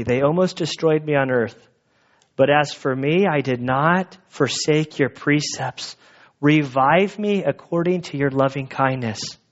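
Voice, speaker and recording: A pastor preaching an earnest, conversational sermon to his church congregation. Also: a little high. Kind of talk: expository sermon. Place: church sanctuary. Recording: dull lo-fi recording.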